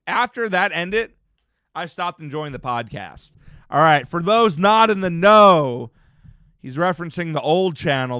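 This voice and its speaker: A man's voice: fairly high pitch, fairly bright tone, clear, resonant tone, dry recording, studio quality. A man in his thirties chatting casually on a live stream, rambling and laid-back, often laughing and trailing off into mumbles.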